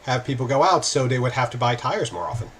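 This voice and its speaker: A man's voice: medium pitch, lively intonation, quick pace, a bit bright, slight background noise. A man chatting as a guest on a casual livestream, easygoing and self-deprecating. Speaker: show guest.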